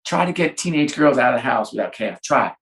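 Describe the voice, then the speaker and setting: Man, middle-aged, interview guest, animated storyteller, acts out dialogue, mid pitch, echoey room. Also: fairly quick. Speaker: sports executive guest. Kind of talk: conversational interview. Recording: roomy echo.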